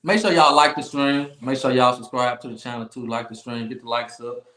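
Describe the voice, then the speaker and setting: A man's voice: mid-range voice, steady tone, fairly quick, reverberant. A man hosting a sports talk livestream, emphatic and repetitive as he trash-talks rivals. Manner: loud, emphatic trash-talk with repeated phrases and laughs. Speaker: podcast host.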